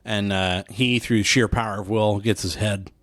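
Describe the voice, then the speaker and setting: A man's voice: lowish voice, fairly even intonation, moderate pace, fairly bright tone, dry recording, clean studio sound. A young adult man co-hosting a podcast, chatting casually, laughing and cursing as he jumps in on his co-host. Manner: laughing, swearing, jumping in to finish thoughts. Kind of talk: casual chat.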